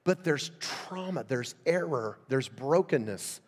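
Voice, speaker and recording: A middle-aged man preaching at a revival, telling stories and building to loud, fervent exhortation. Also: a little high, lively intonation, slow pace. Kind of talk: sermon. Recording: long hall reverb.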